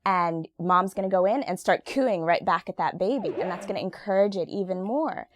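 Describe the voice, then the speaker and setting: A woman speech-language pathologist with a medium-pitched, brisk voice explains how infants develop speech. The conversation is friendly and casual, and she speaks emphatically, often saying absolutely.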